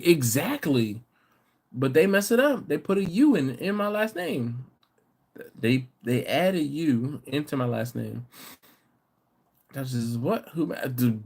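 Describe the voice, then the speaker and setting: A man's voice: fairly high pitch, lively intonation, measured pace, vocal fry, a little mellow. A tired middle-aged man hosting a casual late-night live stream, chuckling and bantering in a laid-back, slangy way as he reads viewer comments. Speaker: barbecue channel host.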